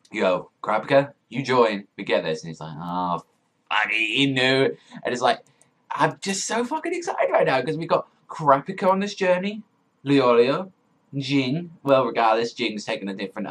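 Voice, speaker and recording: Lowish in voice, this young man rambles through a casual reaction to a manga chapter, swearing, getting excitable, and leaning heavily on fillers.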